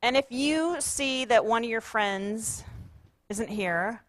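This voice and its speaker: A woman pastor with a fairly high, slow voice preaches warmly to her congregation in a church sanctuary. She guides them through repeated chanted affirmations, and there's no room sound on the recording.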